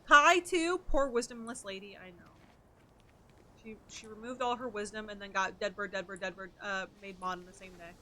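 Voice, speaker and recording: A woman's voice: medium pitch, fairly even intonation, brisk, fairly bright tone, slight background noise. A woman streamer chatting playfully with her viewers while playing a game and answering their messages. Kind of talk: casual chat while playing.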